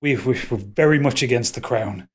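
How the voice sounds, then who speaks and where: A man's voice: mid-range voice, normal speed, breathy edge, lightly acted. A man voicing an older male wood elf wizard captain who is breathless, nervous and apologetic. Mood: flustered.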